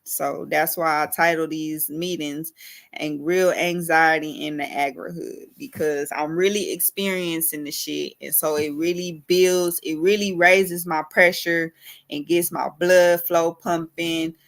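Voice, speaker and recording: A woman's voice: low voice, fairly even intonation, unhurried. A woman urban farmer ranting in a casual vlog, emphatic and repetitive, cussing freely.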